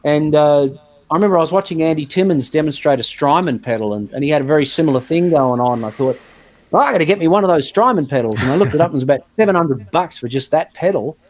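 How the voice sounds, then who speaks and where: Animated guitarist guest, fairly high voice. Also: male voice, fast. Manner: animated storyteller who mimics other players. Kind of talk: casual podcast chat.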